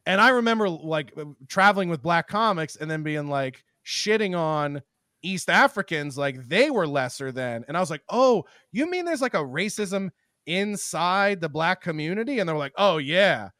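Animated, somewhat high-voiced man. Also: no echo, clean studio sound. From Philadelphia, USA. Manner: animated, quick bursts, swears. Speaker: podcast host. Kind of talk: casual chat.

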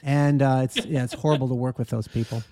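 A man's voice: mid-range voice, fairly even intonation, fast talker, dark tone, no echo, studio quality. A man co-hosting a podcast, making blunt, wry remarks in casual chat. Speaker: podcast co-host.

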